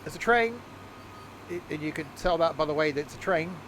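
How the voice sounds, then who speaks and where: A man's voice: a little high, little pitch movement, fast talker, slight background noise. A tired man giving rambling, self-mocking commentary while streaming a train game, chuckling often. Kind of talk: casual live-stream commentary.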